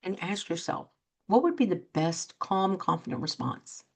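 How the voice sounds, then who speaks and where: A woman's voice: on the low side, animated, moderate pace, a little mellow, husky. A middle-aged woman hosting a talk show as a coach, speaking earnestly and acting out quoted reactions in her examples. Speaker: host and coach. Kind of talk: motivational talk show monologue.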